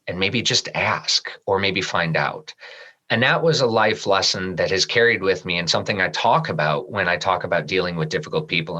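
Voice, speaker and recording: A middle-aged man from Michigan telling a personal story as a podcast guest, lively in the telling and falling soft and low at the serious moments. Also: rough recording. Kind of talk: storytelling in an interview.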